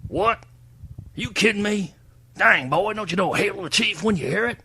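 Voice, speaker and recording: A man voicing a loud, bigoted Texan author who brags and insults everyone, with a gravelly drawl. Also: high voice, moderate pace, slight background noise. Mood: belligerent. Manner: brash, hollering.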